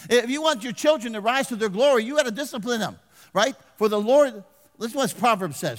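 Older guy pastor preaching, pretty high voice, goes loud then hushed, asks for amens, big church echo. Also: animated, a little fast. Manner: folksy, swings from loud to hushed, calls for amens. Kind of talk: sermon. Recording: long reverb of a large hall.

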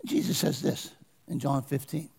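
A man's voice: on the high side, moderate pace, gravelly, a little mellow, breathy edge, big-room sound. A man preaching a sermon as pastor, asking his congregation questions and pressing his points. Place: church.

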